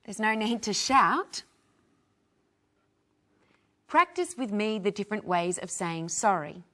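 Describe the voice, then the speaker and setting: Slow, careful woman teacher. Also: medium pitch, expressive, pushed and bright. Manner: clear, careful modelling of phrases. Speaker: English teacher, co-host. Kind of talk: slow teaching with repeat-after-me drills.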